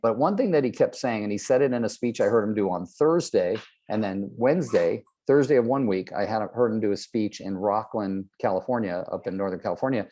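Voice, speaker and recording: Older man telling sales stories, low voice. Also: brisk, hardly any pauses, mellow. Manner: storytelling, acts out quoted people. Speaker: real estate trainer. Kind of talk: motivational talk to agents.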